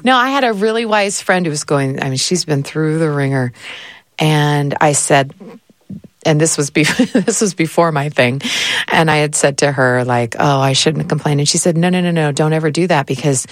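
A woman's voice: deep voice, normal speed, no room sound. Candid woman, close dry sound. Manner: candid, laughs often. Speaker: podcast guest. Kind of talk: casual conversation.

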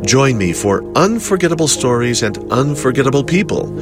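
Male promo narrator, lively intonation, reflective, music bed. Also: medium pitch. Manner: smooth, reflective, unhurried. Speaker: podcast host in a promo.

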